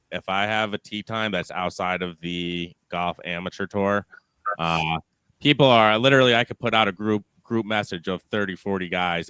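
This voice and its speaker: A man hosting a podcast, talking in casual, excitable banter with some swearing and teasing. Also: sits low, smooth, dry recording. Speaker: podcast host. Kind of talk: casual chat.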